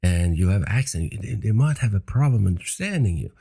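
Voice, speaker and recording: A man's voice: fairly low pitch, lively intonation, fairly quick, creaky, warm tone, breathy edge. A man in his fifties whose first language is not English, telling stories with emphasis and repeating key phrases in a casual interview. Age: 50s. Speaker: podcast guest.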